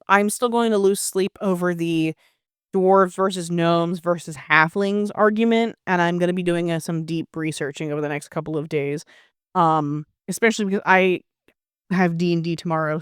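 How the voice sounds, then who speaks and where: A woman in casual chat with her husband, playful and exasperated, recorded close in a quiet room. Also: on the low side, steady tone, a little fast, smooth, no echo. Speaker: co-host, player's wife.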